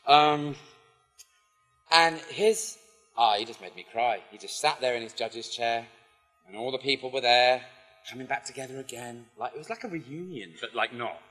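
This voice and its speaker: A man telling a story to a live audience in an animated way, acting out the voices of the people in it. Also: mid-range voice, normal speed, pauses often, husky. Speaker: poet and speaker. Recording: long hall reverb, faint music.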